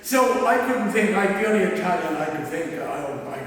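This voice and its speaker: A man's voice: sits high, lively intonation, moderate pace, a bit bright. A man preaching a chatty, self-deprecating anecdotal sermon in a church, chuckling at his own jokes. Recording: echoey church hall from far off.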